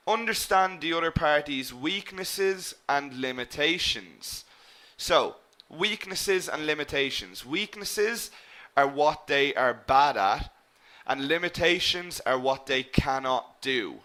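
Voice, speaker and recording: A man's voice: fairly high pitch, slow pace. A man teaching an online business English lesson, encouraging his students, naming them as he checks their answers, and often asking "okay?". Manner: lively emphasis with frequent "okay?" and "guys".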